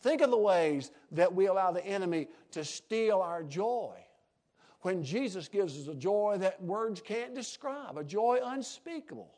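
High-voiced pastor preaching a sermon. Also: male voice, expressive, normal speed. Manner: folksy, swinging between soft asides and loud emphatic peaks.

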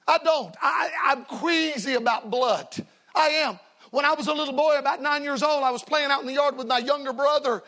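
With a very high voice that sounds pushed and bright, a preacher delivers a revival sermon to his congregation. His style is folksy and forceful, built on stories and refrains he keeps driving home.

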